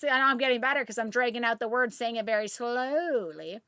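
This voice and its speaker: Bright high-voiced woman streamer. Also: brisk, dry recording, studio quality. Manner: chatty, rambling storytelling with fillers. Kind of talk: casual chat with viewers while gaming.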